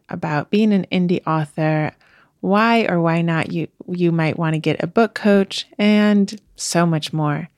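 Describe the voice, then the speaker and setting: A woman's voice: lowish voice, a little mellow, no room sound, studio quality. A woman hosting a podcast in a chatty, upbeat way, her voice slightly worn as she is losing it. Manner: chatty, upbeat, laughs easily. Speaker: podcast host. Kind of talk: casual podcast chat.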